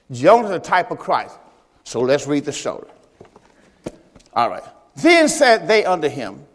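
Man, pastor, sermon, high voice, animated storytelling, long church reverb. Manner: animated storytelling, acting out Bible characters, shouting peaks. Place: church service.

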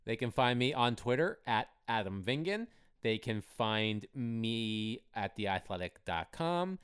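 A man's voice: medium pitch, very animated, measured pace, a bit bright, clean tone. A man co-hosting a casual sports podcast, talking loosely and hesitantly with many fillers. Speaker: podcast co-host, hockey writer.

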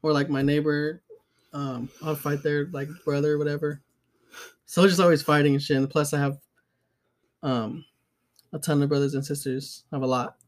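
A young man with a voice a touch higher than most men chats casually as a podcast co-host. He tells stories loosely, swears a lot, and fills his talk with fillers and chuckles. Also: little pitch movement, normal speed, long pauses. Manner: loose, profane storytelling with frequent fillers and laughs. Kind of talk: casual chat.

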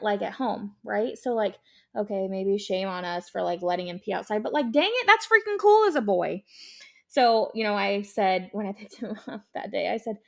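Chatty young woman with a gravelly edge. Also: medium pitch. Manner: chatty and rambling, many "like" and "um" fillers. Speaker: podcast host. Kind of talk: casual solo podcast monologue.

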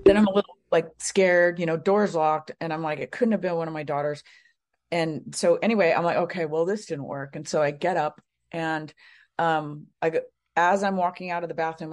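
A woman's voice: deep voice, a little mellow. A middle-aged woman, a guest on an interview show, telling a personal story casually, with many fillers and rambling asides. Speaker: guest, psychic medium.

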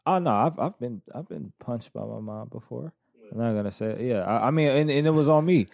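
A man's voice: mid-range voice, animated, a little fast, vocal fry, a little mellow. A man in his thirties from the American South, hosting a casual chat and telling loose, rambling stories full of restarts. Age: 30s.

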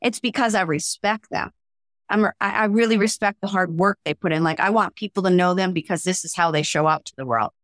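Animated woman coach, dry close sound. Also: lowish voice, a little fast, dry recording. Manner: animated, acts out quoted voices. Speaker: mental skills coach. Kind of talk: casual interview talk.

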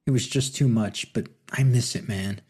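A man's voice: medium pitch, normal speed, a little mellow, slightly rough, natural voice. A man voicing a cocky male rival with a mocking, wisecracking way of talking in an audiobook. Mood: wry.

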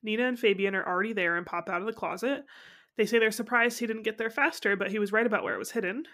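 A woman's voice: medium pitch, fairly bright tone. Giggly young woman recapping a show. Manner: giggly, recaps scenes with quick quoted asides. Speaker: podcast co-host. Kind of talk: casual chat recapping a TV episode.

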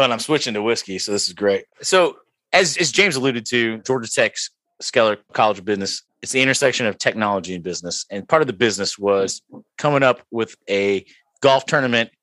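Bright-voiced joking male podcast host. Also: medium pitch, dry recording. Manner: laughing, joking, rambling. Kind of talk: casual chat over drinks.

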